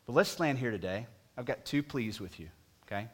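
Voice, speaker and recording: A man preaching a sermon, pleading with the congregation, moving from booming emphasis to hushed appeals. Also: lively intonation, a little fast. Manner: talks to the congregation directly with questions. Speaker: pastor.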